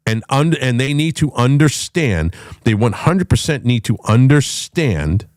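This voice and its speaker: A middle-aged man hosting a talk show, ranting with loud, profane, emphatic delivery and a voice that swings up and down. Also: medium pitch, sing-song, a little slow, dry recording, clean studio sound. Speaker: podcast host.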